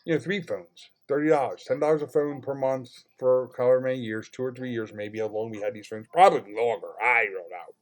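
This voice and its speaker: A man telling a frustrating customer-service story in a casual, animated way, swearing freely and swinging from low mutters to loud outbursts. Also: a little fast, few pauses.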